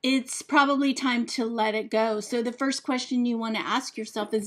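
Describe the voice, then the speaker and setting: A woman's voice: on the high side, a little fast, few pauses, heavy background noise. A woman hosting a casual tips vlog, giving friendly, plain-spoken advice with an occasional "um". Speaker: home organizing vlogger.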